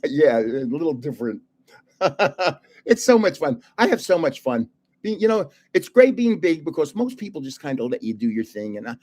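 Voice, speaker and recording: An older man hosting a trading card live stream, telling stories in an animated way, laughing often and chatting with viewers. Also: on the high side. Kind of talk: casual live-stream chat and storytelling.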